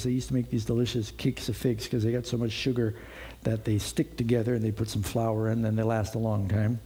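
A man's voice: fairly low pitch, little pitch movement, fairly quick, mellow, husky. A man preaching a sermon, reading Bible verses aloud and adding conversational asides to the congregation.

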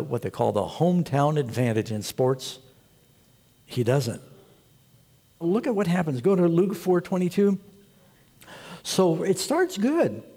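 A man preaching a sermon as pastor, telling the story with animated, storytelling delivery. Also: mid-range voice, husky.

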